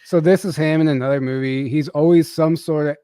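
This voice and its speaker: A man's voice: a little high, fairly even intonation, a little fast, warm tone, clear, resonant tone, no room sound, studio quality. A man telling a personal story as a podcast guest, casually, with many fillers and restarts.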